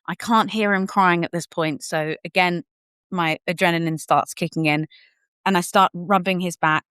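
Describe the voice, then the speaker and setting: Podcast guest: young woman, low-pitched, dry close sound, candid and animated storyteller who slips into quoted voices. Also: moderate pace, clear, resonant tone, dry recording. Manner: animated storyteller who acts out what people said; candid, casual, occasional swearing. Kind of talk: personal birth story told in conversation.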